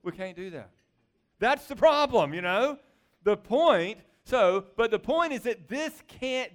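A man preaching a sermon in a conversational, animated way, asking his listeners rhetorical questions. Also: very high voice, takes it slowly.

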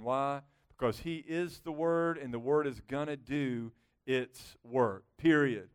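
Male pastor, high clear voice, chatty animated sermon delivery with dry asides. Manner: conversational, animated, with sarcastic asides.

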